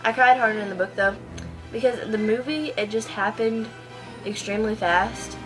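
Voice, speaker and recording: A woman's voice: fairly high pitch, normal speed, a bit bright, faint music behind, rough recording. Teen girl rambling into her computer mic, lots of um and like, gushy. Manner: gushing, rambling with many ums and likes. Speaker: vlogger. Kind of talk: casual chat. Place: at home in front of a computer.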